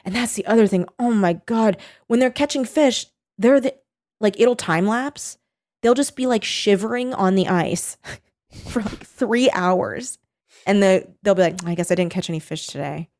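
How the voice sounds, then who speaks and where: A woman in casual conversation, retelling a story with lots of fillers and acting out quotes in high voices. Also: measured pace, a little mellow. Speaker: co-host recounting a reality show. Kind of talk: casual chat.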